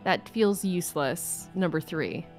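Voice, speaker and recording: A woman's voice: fairly low pitch, measured pace, faint music behind. A young woman playing a game on a stream, chatting casually, swearing and laughing. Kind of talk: casual chat while gaming.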